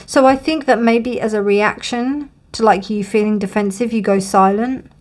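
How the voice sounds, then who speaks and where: A woman's voice: medium pitch, fairly even intonation, moderate pace. A woman giving a tarot card reading to camera, musing and reassuring as she thinks aloud with many fillers and frequent yawns. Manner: yawns often during readings. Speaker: tarot reader.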